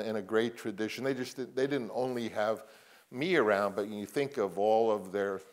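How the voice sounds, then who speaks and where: An older man, a guest on a panel, telling stories in a rambling, halting way. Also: mid-range voice. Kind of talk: anecdotal panel conversation.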